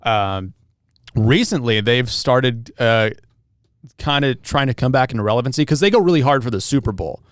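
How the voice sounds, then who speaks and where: Casting: young male podcast co-host, smooth voice, dry close mic, laid-back and rambling. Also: mid-range voice, normal speed, dry recording. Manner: relaxed, rambling, many fillers and restarts. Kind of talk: casual chat.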